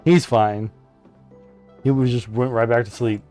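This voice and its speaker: A man casually commenting while playing a survival game, chatting with friends and often breaking into laughter and high excited yelps. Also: unhurried, no room sound. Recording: faint game music behind.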